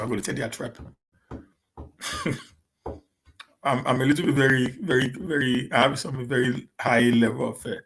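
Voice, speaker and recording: A man with a Nigerian accent chatting casually to his live-stream viewers, talking quickly and often repeating and restarting words as he mixes in pidgin. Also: medium pitch, a bit bright. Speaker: live-stream host answering viewer questions.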